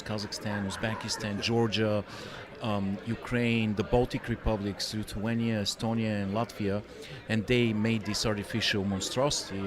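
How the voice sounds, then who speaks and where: Opinionated man with crowd noise. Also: on the low side. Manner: opinionated, rambling, loud when joking. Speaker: panelist. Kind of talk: casual panel chat.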